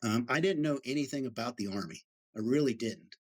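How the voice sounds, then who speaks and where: His voice is medium in pitch and brisk as this middle-aged U.S. Army veteran tells casual stories in an interview. He animates each tale by acting out the voices of the people he quotes.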